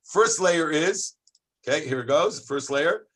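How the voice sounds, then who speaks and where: A man, a rabbi, teaching a high school class in an animated, exclamatory way, calling on students by name and shouting at times for emphasis. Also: unhurried, slightly rough. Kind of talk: lively classroom lesson.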